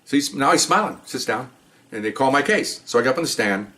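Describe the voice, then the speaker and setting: A man's voice: medium pitch, lively intonation, fast, pushed and bright. An older man, a police officer, telling rambling stories in casual chat and often checking in with "okay?". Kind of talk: casual storytelling.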